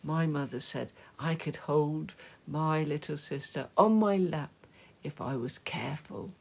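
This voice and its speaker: A woman reading a children's story aloud, slow and gentle, dropping to soft whispers at times. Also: sits low, gravelly, breathy edge. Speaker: storybook reader.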